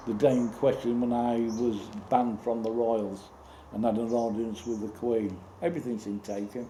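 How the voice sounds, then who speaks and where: A man telling a rambling personal story in a halting way, with restarts and sudden outbursts. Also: mid-range voice, flat delivery. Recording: roomy echo with loud background noise.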